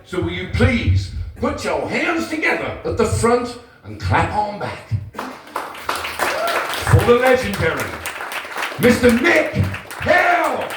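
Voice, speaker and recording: Compere guy drawing out the intro real slow, high voice bouncing around, loud crowd and noise. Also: sing-song. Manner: slow, drawn-out announcing. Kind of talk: comedy club introduction. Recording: echoey venue from far off, loud crowd.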